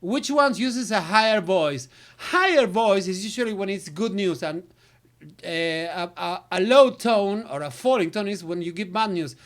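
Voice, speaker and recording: A woman's voice: medium pitch, lively intonation, moderate pace. Woman teaching English. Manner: filler syllables, switches to Spanish. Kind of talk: recorded lesson walkthrough.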